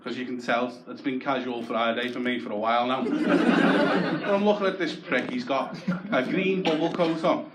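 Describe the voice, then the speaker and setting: A man's voice: mid-range voice, fairly even intonation, normal speed, very noisy. A young man from Liverpool with a Scouse accent, doing a wry, self-deprecating, sweary stand-up comedy set. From Croxteth, Liverpool, England. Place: comedy club stage. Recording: echoey club with loud audience laughter.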